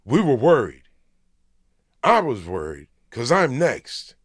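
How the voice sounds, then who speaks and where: A man from Los Angeles, a comedian guest telling a story in a podcast interview, swearing freely and swinging between hushed and excited. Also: mid-range voice, slow, husky, no room sound, clean studio sound. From Los Angeles, USA.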